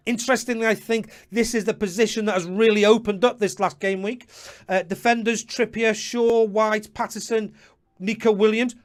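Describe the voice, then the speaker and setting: A man hosting a live fantasy football stream, chatting to viewers by name with quick apologetic asides. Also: sits high. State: slightly out of breath. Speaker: host.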